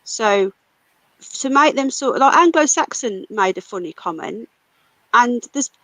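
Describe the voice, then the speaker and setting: A woman's voice: fairly high pitch, lively intonation, unhurried, fairly bright tone, dry recording, low-quality recording. A British woman hosting a casual livestream, ranting angrily and swearing a lot. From United Kingdom. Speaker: livestream host.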